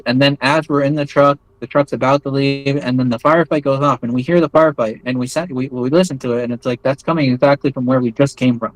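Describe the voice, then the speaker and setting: An American man in a relaxed interview, telling his story in a loose, wandering way with lots of "like" and false starts. His voice sits at an ordinary middle pitch. The sound is dry and close, with no room echo. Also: fast talker, hardly any pauses. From United States. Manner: rambling, many fillers and restarts. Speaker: interview guest recounting experiences. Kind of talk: casual spoken storytelling.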